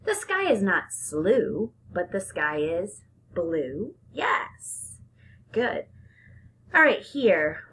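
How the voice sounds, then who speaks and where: A woman teaching young children a phonics lesson, talking in a sing-song, drawn-out teacher manner and giving lots of praise. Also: medium pitch, fairly bright tone, a little hiss or hum.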